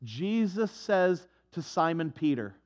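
A man preaching a sermon, swinging from hushed, soft passages to impassioned, raised delivery. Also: a little high, big pitch swings, slow pace.

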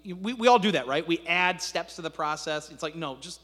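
A male pastor with a high voice preaches in a casual, talky way, asking his listeners questions. His voice rings with long reverb through a large sanctuary. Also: animated, fairly quick, few pauses, a bit bright. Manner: conversational preaching, rising to fervent emphasis. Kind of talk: sermon.

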